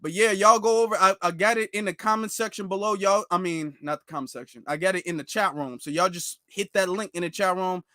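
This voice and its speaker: A man chatting casually on his livestream in a high, bright voice. He talks animatedly, keeps repeating himself and addresses his viewers as family. The sound is dry and close. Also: a little fast, hardly any pauses, no echo. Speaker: livestream host.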